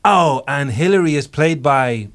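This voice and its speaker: A man's voice: a little high, lively intonation, measured pace, a little hiss or hum. A young man presenting on the radio in casual chat, rambling and cutting himself off often, with frequent laughs. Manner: chatty, rambling, self-interrupting, laughs often. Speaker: radio presenter reviewing a series.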